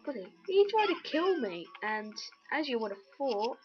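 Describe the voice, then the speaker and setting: A woman's voice: fairly high pitch, very animated, moderate pace. A woman giving casual, jokey, rambling let's-play commentary on a video game. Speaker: gameplay commentator. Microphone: webcam or computer mic. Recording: dull lo-fi recording with loud game music.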